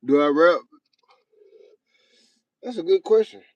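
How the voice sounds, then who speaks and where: A man's voice: on the high side, expressive, slow, dry recording, lo-fi sound. A young man hosting a livestream, talking bluntly and profanely in a rambling, casual way to his chat. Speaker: livestream host.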